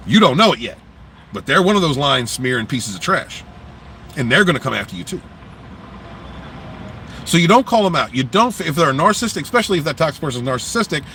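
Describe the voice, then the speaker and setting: A man hosts a livestream outdoors and talks in a blunt, profane, animated rant. His voice sits a little high and sounds sharp and forceful. Faint traffic noise runs underneath. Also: poor audio. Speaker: livestream host. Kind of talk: casual livestream talk.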